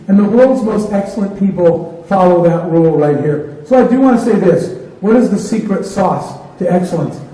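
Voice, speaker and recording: A man's voice: sits high, warm tone. A man giving a motivational talk to an audience, retelling conversations as dialogue. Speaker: keynote speaker. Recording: echoey hall from far off.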